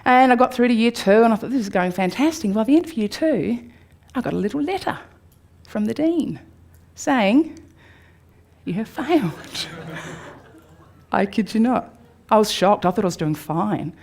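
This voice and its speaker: An Australian woman in her forties tells a candid personal story to a live audience. Her telling swings from upbeat to hushed. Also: fairly high pitch, big pitch swings, normal speed. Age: 40s. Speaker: speaker. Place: room before a live audience.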